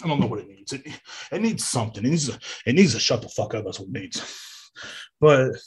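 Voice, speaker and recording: A man's voice: mid-range voice, big pitch swings, brisk, husky. A man hosting his own podcast from home, ranting casually with lots of swearing and filler words. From United States. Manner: profane, rambling, frequent fillers. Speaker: podcast host. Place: home room near a street. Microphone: desk microphone.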